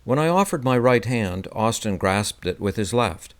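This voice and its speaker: A man narrating a first-person memoir in a measured, descriptive way. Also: lowish voice, expressive. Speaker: audiobook narrator.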